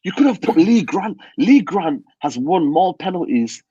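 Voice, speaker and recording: A man ranting about football in a hushed voice from a hotel room, emphatic and repeating yeah and man. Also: sits high, sing-song, normal speed, breathy edge, dry recording, dull audio. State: talking quietly, near a whisper. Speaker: football fan pundit. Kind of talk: heated football rant. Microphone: video call.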